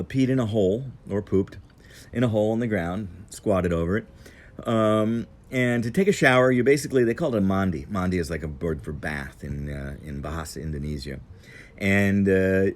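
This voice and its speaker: A man's voice: low voice, a little mellow. A man telling a casual, meandering travel story on an outdoor patio. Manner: meandering, digressive, unhurried.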